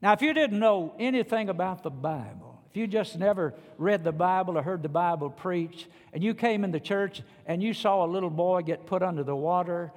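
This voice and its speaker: A pastor preaches to his congregation in a folksy, emphatic way. His voice sits slightly high for a man. It carries a long reverb from the church. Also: expressive, normal speed, few pauses. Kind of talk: sermon.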